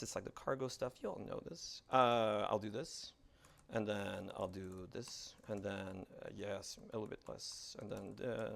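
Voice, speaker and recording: Gravelly man thinking aloud in a demo. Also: mid-range voice, fairly bright tone. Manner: rambling, self-deprecating, thinks aloud while typing. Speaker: presenter giving a tech talk. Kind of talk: live coding demo talk. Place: meetup room in front of an audience.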